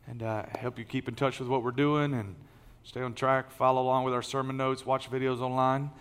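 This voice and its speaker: A middle-aged lead pastor speaks fairly quickly in a medium-pitched, clear, resonant voice that's fairly bright but shows little pitch movement. His sermon is conversational and folksy, with many fillers and restarts, and the large church auditorium adds a long hall reverb.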